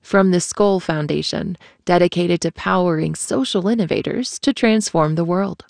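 A woman announcer reading funding credits in an even, formal way. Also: on the low side, normal speed, gravelly, dry recording. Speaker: sponsor announcer. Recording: dry close studio sound.

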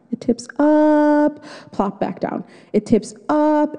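A woman's voice: mid-range voice, warm tone. A woman telling a personal story live on stage, in a vivid, dramatic first-person way. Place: stage before an audience. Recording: long hall reverb.

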